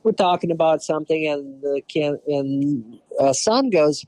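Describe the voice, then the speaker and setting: A man from Russia in his forties, speaking English with a Russian accent as a podcast guest. He tells stories with plenty of "you know" and acts out what others said. His voice sits a bit high and sounds close and dry. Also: unhurried, dry recording. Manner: animated storyteller, acts out quoted voices, frequent "you know". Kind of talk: casual storytelling interview.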